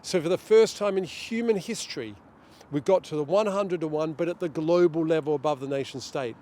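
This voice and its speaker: A middle-aged man being interviewed outdoors, talking in an animated way and acting out what others say. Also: fairly high pitch, fairly quick, a little hiss or hum. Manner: animated, storytelling, acts out quotes. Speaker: guest, director of a global governance group. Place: outdoors near a street demonstration.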